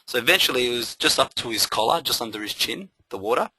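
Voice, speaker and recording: A man giving a live trading webinar, energetic and motivational, repeating phrases for emphasis. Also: medium pitch, quick pace, slightly rough, dry recording, rough recording.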